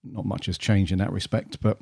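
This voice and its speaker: Man, podcast co-host, casual chat, easygoing, low mellow voice, dry sound. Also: little pitch movement, a little fast, gravelly, breathy edge, no room sound. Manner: easygoing, laughing, swears casually.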